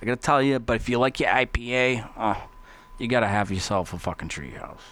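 A man talking casually as a podcast host, rambling and swearing constantly, getting excitable. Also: mid-range voice, brisk. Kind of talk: casual profane monologue.

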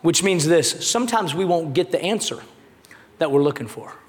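A man in his thirties preaching a sermon, animated and jokey, with emphatic shouts. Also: a little high, moderate pace. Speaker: pastor. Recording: echoey hall.

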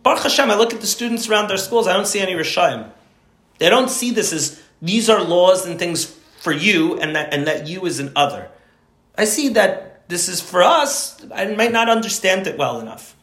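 In an echoey indoor room, a man lectures a study group informally, rambling with emphasis and frequently restarting sentences. His high voice is animated and fairly bright, delivered at normal speed.

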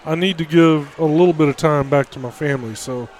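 A middle-aged man with a fairly high voice chats in a relaxed, easygoing way on a radio podcast. He laughs often and keeps things low-key. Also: a little fast. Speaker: departing co-host. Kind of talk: casual podcast chat.

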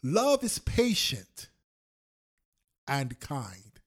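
A male pastor preaching a sermon on a prayer call, repeating lines slowly for emphasis and swinging between loud and soft. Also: mid-range voice, wildly swooping pitch. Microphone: phone call.

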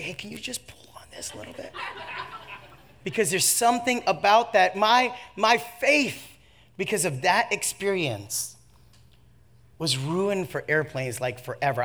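A man preaching with a bright, forceful voice that sits a little high. He tells a comic personal story, dropping to hushed asides and rising to shouts. He laughs at himself along the way.

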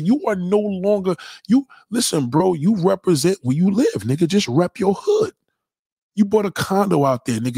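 A man, ranting casually and loudly to his stream viewers, swaggering and laughing often. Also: medium pitch, no room sound, clean studio sound. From New York. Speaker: live-stream host. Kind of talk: casual profane rant to viewers.

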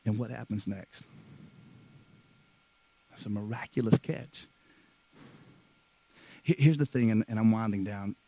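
A man preaching a sermon who moves between hushed, slow passages and loud, fervent stretches, often repeating words. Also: lowish voice, creaky, no room sound, low-quality recording. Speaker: pastor.

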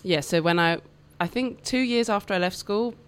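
A British woman in her thirties talks openly as a guest on a podcast recorded in a radio studio. She is chatty and candid and laughs easily. Her voice is smooth and clear, sitting at a middle pitch. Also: moderate pace. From United Kingdom. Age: 30s. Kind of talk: casual interview chat.

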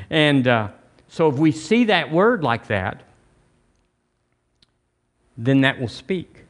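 A man's voice: on the high side, expressive, takes it slowly, long pauses, a bit bright. Guy preaching in church, folksy and chatty, keeps repeating himself, gets the crowd to answer back. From Alabama, US. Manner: folksy, repetitive, conversational preaching with call-and-response. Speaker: pastor. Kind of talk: sermon.

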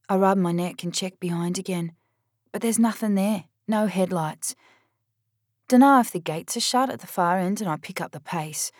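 Woman, audiobook narrator, low-pitched and blunt, dry booth. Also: normal speed, darkish tone, dry recording. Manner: blunt, wry, streetwise teen narrator voice. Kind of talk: first-person audiobook narration.

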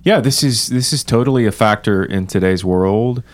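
Deep-voiced man explaining history. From American South. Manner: measured, explanatory, with many "um"s. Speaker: podcast co-host. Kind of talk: casual discussion of church history.

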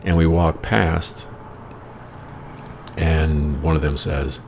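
A man's voice: extremely low pitch, steady tone, takes it slowly, gravelly, long pauses, a little mellow, a little hiss or hum. An American man telling rambling, wry personal anecdotes with plenty of profanity in a casual storytelling style. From United States. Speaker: storyteller host.

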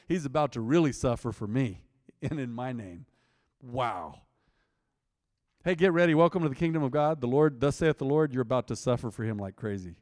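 A pastor with a medium-pitched, darkish voice leads an interactive sermon, reading scripture aloud while teasing and quizzing his congregation. The recording carries a long hall reverb.

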